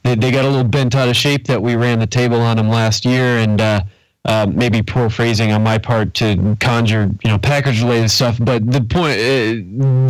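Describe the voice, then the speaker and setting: A man's voice: medium pitch, dry recording, rough recording. Joking laid-back man co-hosting. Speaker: podcast co-host. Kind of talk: casual sports chat.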